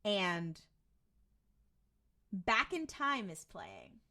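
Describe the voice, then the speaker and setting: A young woman co-hosting a podcast, chatting casually as she recaps an episode and acts out quick quotes from the characters. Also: medium pitch. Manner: animated, retells scenes with quick voiced quotes. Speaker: podcast co-host.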